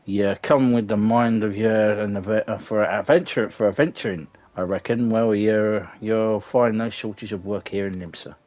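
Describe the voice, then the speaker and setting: A man voicing a gruff middle-aged tavern keeper with a put-on Scottish accent, reading rough-spoken game dialogue aloud in character. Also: fairly low pitch, fairly even intonation, moderate pace, hardly any pauses, lo-fi sound, natural voice.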